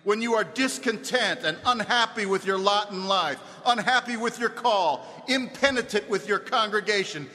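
A man's voice: high voice, normal speed, hardly any pauses, bright, forceful tone. A man preaching a sermon, fervent and accusing, voicing the crowd's cries with drama. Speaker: pastor. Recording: reverberant hall.

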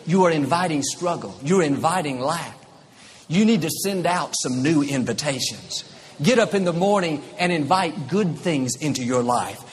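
A man's voice: a little high, lively intonation, moderate pace, a little hiss or hum. Emphatic preacher man in a big hall. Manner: emphatic, repetitive. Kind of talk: sermon. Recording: reverberant hall, faint ambience.

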